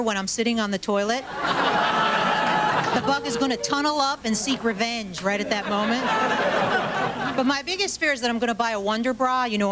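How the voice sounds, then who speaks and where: A woman performing a stand-up comedy set on a club stage, with punchy, self-deprecating delivery and mock asides to the audience. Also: fairly high pitch. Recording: live club recording with loud crowd and noise. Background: loud audience laughter and noise.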